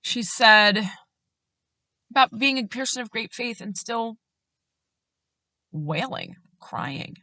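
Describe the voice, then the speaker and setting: A woman host telling a personal faith story in an earnest way, getting animated when she quotes others and laughing at herself. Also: fairly high pitch, slow pace, long pauses, no room sound. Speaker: podcast host.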